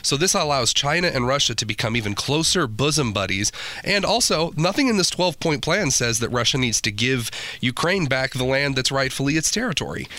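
A man's voice: medium pitch, expressive, a little fast, sharp tone, dry recording. A man co-hosting a talk radio show, scornful and emphatic in his opinions. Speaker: fill-in radio co-host.

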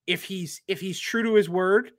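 High-voiced man, dry and close. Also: normal speed, fairly bright tone, dry recording. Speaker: podcast guest. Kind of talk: casual sports chat.

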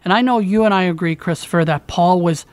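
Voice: mid-range voice, fast, dry recording. A friendly podcast co-host talking in a conversational way. The sound is close and dry, with no room around it. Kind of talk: podcast hosting.

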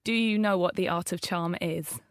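A woman's voice: on the low side, moderate pace, no room sound, clean studio sound. A woman interviewing a guest, asking probing questions with a teasing edge.

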